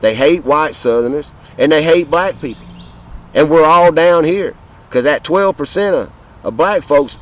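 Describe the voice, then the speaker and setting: A man's voice: fairly high pitch, animated, normal speed, rough recording. A man in his fifties with a Southern American accent, talking in an impassioned, rambling way outdoors, swearing and often repeating himself. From Southern United States. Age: 50s. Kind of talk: casual monologue to camera.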